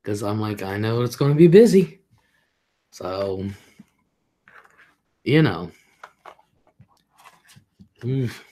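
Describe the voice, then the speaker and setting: A woman's voice: very deep voice, sing-song, very slow, pauses often, mellow. A woman hosting a casual livestream, chatting straight to her viewers in a rambling, talkative way. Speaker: livestream host.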